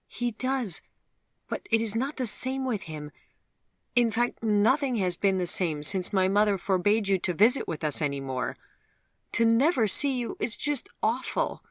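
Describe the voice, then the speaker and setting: A narrator voicing a heartbroken, tearful young woman pleading in an audiobook love story, the voice raised high. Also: moderate pace, no echo, studio quality, close to an everyday voice. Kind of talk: audiobook dialogue.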